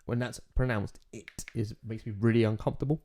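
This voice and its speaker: A man's voice: mid-range voice, steady tone, fast, mellow. A young man with a Reading accent hosting a casual podcast chat, laid-back and casually sweary. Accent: Reading, England.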